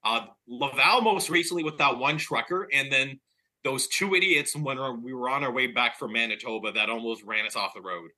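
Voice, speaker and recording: Husky, sharp-edged man. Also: mid-range voice, normal speed. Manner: easygoing, joking. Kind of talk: casual chat.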